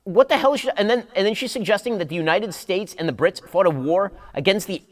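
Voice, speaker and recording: A man delivering a rapid-fire debate rebuttal as a political commentator, insistent and lecturing. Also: high voice.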